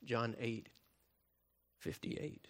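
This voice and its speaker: A man preaching a sermon, often tagging points with "right?" and swinging from loud emphasis to soft, quiet delivery. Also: medium pitch, steady tone, very slow. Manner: frequent tag questions "right?", swells louder then drops soft. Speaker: pastor.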